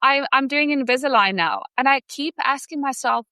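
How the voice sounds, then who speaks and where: A woman's voice: high-pitched, normal speed, pushed and bright, dry recording. A woman guest telling personal stories on a podcast, heartfelt and earnest. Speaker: podcast guest, sales student. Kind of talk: candid personal storytelling.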